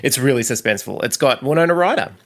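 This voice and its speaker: Aussie guy guest, gossipy, voice swings all over, bit of gravel in it. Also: medium pitch. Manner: animated, gossipy, quick to laugh. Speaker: guest friend. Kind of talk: casual chat.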